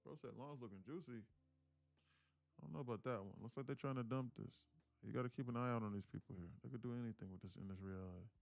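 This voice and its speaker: A man's voice: medium pitch, fast talker, vocal fry, no echo. A man hosts a live trading stream in a casual, teasing way. His voice sits in a middle register and sounds close and dry. Faint music runs underneath. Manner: joking, teasing chat with viewers. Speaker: livestream day trader host.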